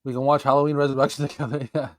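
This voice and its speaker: A playful man hosts a casual podcast chat at an ordinary middle pitch, laughing often. The sound is dry and close, with no echo. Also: little pitch movement, rapid-fire. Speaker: podcast host.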